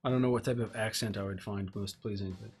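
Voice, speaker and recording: A man's voice: fairly low pitch, fairly even intonation, fast talker. A man hosting a casual live stream, rambling and joking with himself as he works at his workbench. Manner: rambling, self-mocking, talks to himself while tinkering. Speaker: livestream host. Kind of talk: casual live-stream chat while working. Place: home workbench.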